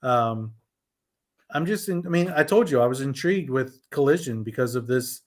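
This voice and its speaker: A man co-hosting a podcast in casual chat, excitable and throwing out rapid-fire questions. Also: medium pitch, no echo. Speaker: podcast co-host. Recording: dull lo-fi sound.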